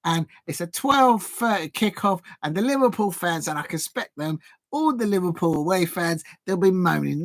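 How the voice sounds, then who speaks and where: Excitable man commentating a live watch-along. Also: high voice, normal speed, no echo. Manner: chatty and excitable, jumping to shouts at big chances. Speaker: YouTuber hosting a live football watch-along.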